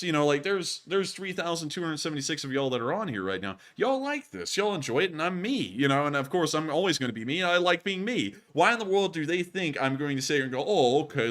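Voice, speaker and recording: A young man hosting a casual livestream news show, jokey and high-pitched, talking in a playful, teasing way with quick asides. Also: sharp tone.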